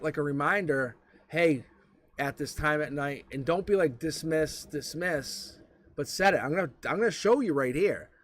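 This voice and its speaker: A man's voice: a little high, a little hiss or hum. A man giving a live-stream tarot reading, talking bluntly and with plenty of profanity as he tells stories to the viewer. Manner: blunt, profane, animated storytelling. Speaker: tarot reader.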